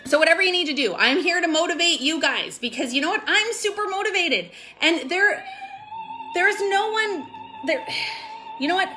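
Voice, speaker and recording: High, bright, gushing woman vlogger. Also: lively intonation, normal speed, faint music behind. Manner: gushing, rambling, full of "like" and "totally". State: close to tears at times. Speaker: network marketing vlogger. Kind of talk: casual motivational vlog.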